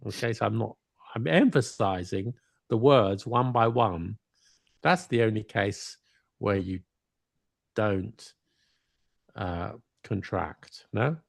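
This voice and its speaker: A man co-hosting a casual podcast as an English teacher, relaxed and correcting himself as he gives spoken examples. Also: lowish voice, slow pace, vocal fry, long pauses, no room sound.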